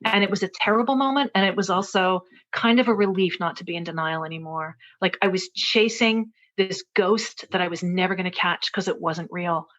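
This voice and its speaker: A woman's voice: lowish voice, a little fast, hardly any pauses, fairly bright tone, muffled recording. A woman in her forties telling a personal story as a podcast guest, earnest and reflective, often restarting her sentences. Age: 40s. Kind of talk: personal story told in conversation.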